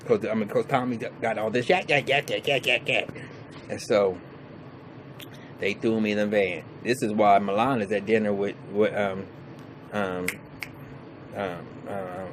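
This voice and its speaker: A man's voice: lowish voice, background noise. A man giving a casual, profane, rambling episode recap, full of restarts and fillers. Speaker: TV show reviewer.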